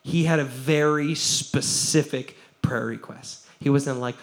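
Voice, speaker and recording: A man, a pastor giving a lively sermon, acting out the quotes he tells and laughing often. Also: mid-range voice, measured pace, few pauses.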